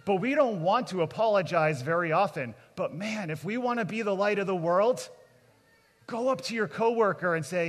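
At a kids camp, a man with a high-sitting, expressive voice preaches at a moderate pace to both children and adults. He's earnest and plainspoken, calling out to the crowd, and a long hall reverb colors the recording.

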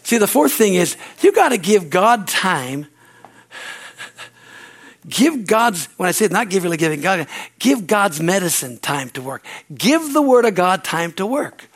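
A man's voice: high-pitched, very animated, measured pace, slightly rough. A man preaching a sermon in an emphatic, repetitive style, punctuated with amens and hallelujahs.

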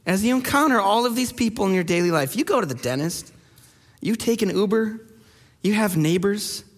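A man who pastors a church, preaching a sermon and telling stories with lively acted-out quotes. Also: sits high, moderate pace, big-room sound. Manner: animated storyteller acting out quoted people. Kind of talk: sermon storytelling.

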